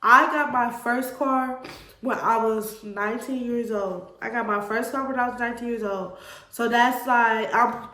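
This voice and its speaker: A young woman tells her own story straight to camera, earnest and emotional, calling her viewers y'all. Her voice sits fairly high. The room around her sounds echoey. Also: measured pace, pushed and bright. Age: 20s. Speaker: vlogger.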